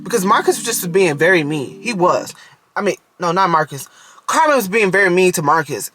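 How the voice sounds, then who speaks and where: A man's voice: sits high, animated, brisk, pushed and bright, dry recording, soft background music. A man casually reviewing a TV show in a video, talking straight to the characters and often breaking into giggles.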